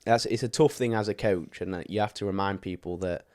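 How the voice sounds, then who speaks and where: A man's voice: on the low side, a little fast, darkish tone. A man, a fitness coach co-hosting a podcast, explaining training advice at length in a casual chatty way with fillers.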